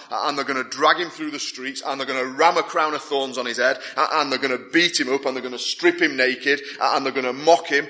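A man's voice: mid-range voice, pushed and bright. A man preaching a sermon, driving his points home with repeated phrases that build in intensity. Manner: emphatic, repetitive build-ups with rising intensity.

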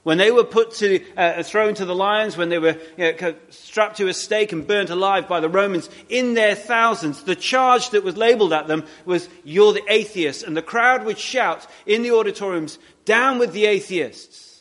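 A man preaching a sermon in a conversational way, with many restarts and asides, slowing down to stress his key points. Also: sits high, a bit bright.

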